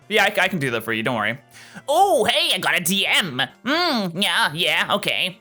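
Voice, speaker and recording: A young man hosting a let's play, chatting through the game with excitable, jokey remarks. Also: sits high, unhurried, faint music behind. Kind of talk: gameplay commentary.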